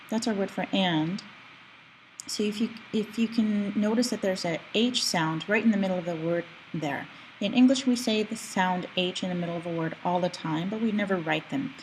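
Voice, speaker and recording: Woman teaching a language lesson, lowish voice, patient, slows down to sound out words, faint hiss. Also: rough recording. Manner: patient, explanatory, slows down to model pronunciation. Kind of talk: recorded language lecture.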